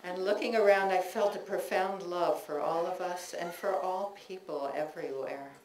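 A woman's voice: lowish voice, crowd noise. Woman reading her essays in an echoey room. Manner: measured, reflective reading with chatty asides between pieces. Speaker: author reading her own work. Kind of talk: public reading of personal essays. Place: bookstore reading room with a live audience. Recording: echoey room recording with faint ambience.

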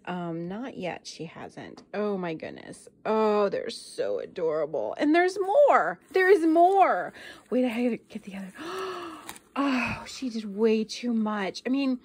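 Gushing woman unboxing gifts, slow-talking. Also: mid-range voice, big pitch swings, a little mellow, a little hiss or hum. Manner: gushing, gasping and laughing often. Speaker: doll channel vlogger. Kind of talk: casual unboxing vlog.

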